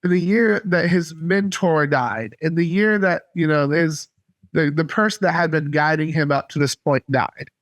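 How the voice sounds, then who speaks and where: A man from North Carolina, a podcast guest, telling a faith story earnestly and haltingly. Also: on the high side, a bit bright, no room sound. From North Carolina, USA. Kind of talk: casual faith testimony.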